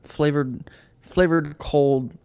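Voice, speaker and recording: A man's voice: a little high, steady tone, takes it slowly, a little mellow, clean tone, no echo, clean studio sound. A young man co-hosting a casual podcast, rambling with lots of fillers. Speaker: podcast co-host.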